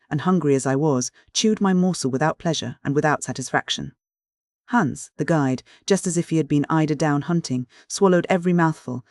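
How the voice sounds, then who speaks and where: A man narrating a classic adventure novel in steady, clear first-person storytelling. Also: fairly high pitch, no echo, studio quality. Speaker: audiobook narrator.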